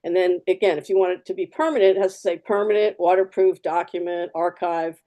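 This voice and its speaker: A woman's voice: on the low side, a little fast, dark tone, dull audio. A woman artist giving a live fountain pen demo, chatty and practical, repeating key words for emphasis. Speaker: artist demonstrating fountain pens.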